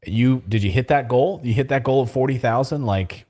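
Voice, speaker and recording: A man hosting an interview, briskly pointing viewers to links and asking follow-up questions. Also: medium pitch, warm tone. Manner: brisk, plugs links, short affirmations. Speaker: host.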